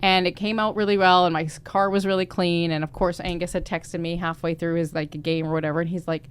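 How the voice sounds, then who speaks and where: A woman co-hosting a podcast, telling personal stories in a lively, emotionally open way. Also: lowish voice, quick pace, smooth. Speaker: podcast co-host. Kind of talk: casual chat.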